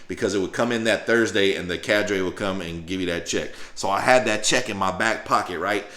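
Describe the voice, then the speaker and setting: A man from Louisiana telling a story from his past in a casual, profane, animated way, often asking "you know what I'm saying". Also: sits low, brisk. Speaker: storyteller vlogger. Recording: roomy echo.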